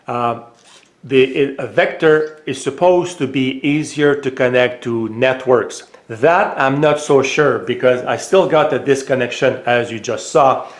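A man with a French accent, casually demonstrating a gadget at home, hesitant with many filler pauses. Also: medium pitch, echoey room. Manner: raises voice for voice commands. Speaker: tech reviewer. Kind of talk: casual product demo. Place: home room.

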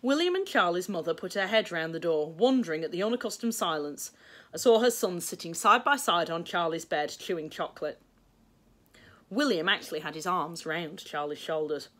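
A woman with a Northern English accent reading a children's storybook aloud, lively and expressive. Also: fairly low pitch, moderate pace.

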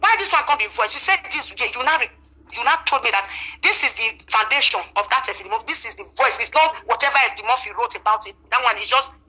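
A woman's voice: on the high side, expressive, quick pace, bright, forceful tone, slightly rough. A woman with a Nigerian Pidgin English accent, speaking on the phone in an interview, emphatic and repetitive, swearing oaths as she denies something. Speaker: interviewee denying a voice recording.

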